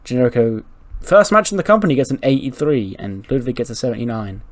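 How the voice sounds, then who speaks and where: A man's voice: mid-range voice, big pitch swings, fast talker. A man hosting a gaming channel, narrating a let's-play in a rambling, casual way, swearing freely and laughing.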